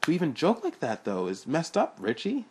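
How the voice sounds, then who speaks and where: A man voicing an excitable, boastful young man who talks in high, emphatic bursts, with a husky voice. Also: fast talker, a little hiss or hum, lightly acted. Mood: indignant.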